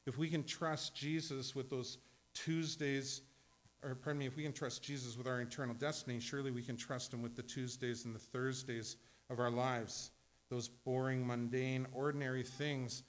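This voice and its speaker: A middle-aged pastor delivering a sermon to his congregation. He talks in an easy, conversational way at a middle pitch, with frequent asides and self-corrections. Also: little pitch movement, moderate pace.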